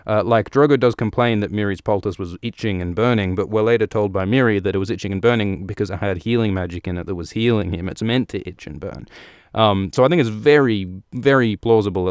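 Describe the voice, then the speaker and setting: A man's voice: deep voice, smooth, no echo, clean studio sound. A man hosting a podcast, recapping a book chapter in a joking, profane, rambling way. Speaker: podcast host.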